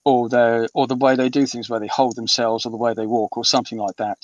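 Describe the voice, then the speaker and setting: A British author in his fifties talks fast and flatly at a medium pitch during a casual interview, rambling with plenty of ums and restarts. There is no room sound, and the recording comes across muffled, distant and dry.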